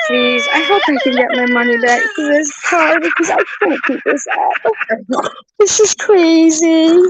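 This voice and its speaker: A high-voiced woman pours out her frustration in a slow, drawn-out way, swearing and choking up. She is outdoors, recorded on a phone with clear noise behind her. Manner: distraught, swearing, voice breaking into tears. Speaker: vlogger. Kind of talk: tearful venting monologue. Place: outdoors by her car in hot humid weather.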